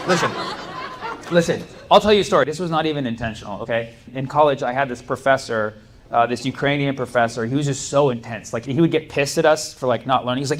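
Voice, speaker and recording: Young man, stand-up comedian, chatty, laughs through punchlines, mid-range voice, noisy live club recording. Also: mid-range voice.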